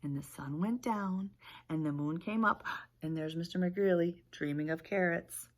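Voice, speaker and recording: A woman teacher reading a picture book aloud to young children, with lively gasps and questions. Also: lowish voice, moderate pace. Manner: animated storytelling, gasps and asks questions. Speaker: preschool teacher.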